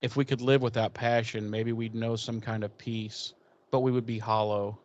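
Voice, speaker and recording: A man's voice: on the low side, flat delivery, normal speed, a little mellow, lo-fi sound. Blunt, sarcastic podcast man. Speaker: podcast co-host. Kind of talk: casual episode recap.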